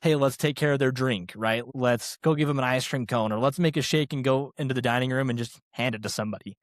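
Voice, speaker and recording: A young adult man, a former restaurant training director, tells workplace stories in a casual, animated way, acting out quoted dialogue and leaning on fillers like "like" and "right?". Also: mid-range voice, quick pace, no echo, studio quality. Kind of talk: casual conversational storytelling.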